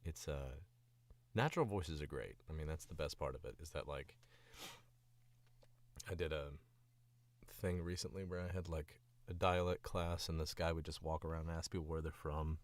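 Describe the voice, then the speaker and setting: A man's voice: very deep voice, moderate pace, long pauses, no room sound. A tired, sick man chatting casually on a stream, rambling in a laid-back way with the odd swear, close to his mic. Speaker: voice actor streaming.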